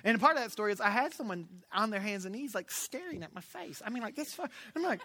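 A man preaching a sermon, telling a lively story with big swings between loud and hushed delivery. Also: high voice, quick pace, slight background noise.

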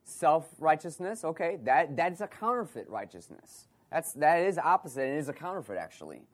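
A man's voice: on the high side, big pitch swings, fairly quick. A male pastor preaches to his congregation. He asks rhetorical questions, repeats key phrases and often restarts a thought mid-sentence. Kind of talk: sermon.

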